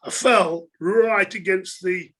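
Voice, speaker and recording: A man's voice: high voice, fairly even intonation, slow pace, a bit bright. A middle-aged man, telling stories from his football career in a chatty way, laughing and using lots of fillers. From England. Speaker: former footballer, guest. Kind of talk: casual storytelling interview.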